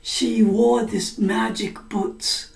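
Slow, mellow woman teacher telling a story. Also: mid-range voice, steady tone, creaky, distant mic, faint music behind. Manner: slow and deliberate, explains words, acts out voices in quotes. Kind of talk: slow story-listening lesson. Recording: echoey room, voice a little off mic.

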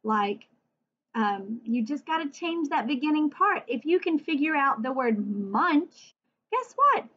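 A woman teacher giving a phonics lesson for young children, sounding words out slowly letter by letter and asking encouraging questions. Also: high-pitched, expressive, a bit bright, dull audio. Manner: encouraging, asks the listener questions.

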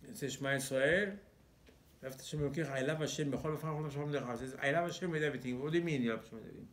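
A man's voice: a little high, very fast, fairly bright tone. A male rabbi giving an emphatic sermon, full of rhetorical questions and broken English.

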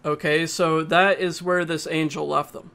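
A man giving a casual, halting spoken movie review, often pausing and restarting his sentences. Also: on the high side, little pitch movement, vocal fry, sharp tone, clean tone. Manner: plain, halting, with frequent uhs and restarts.

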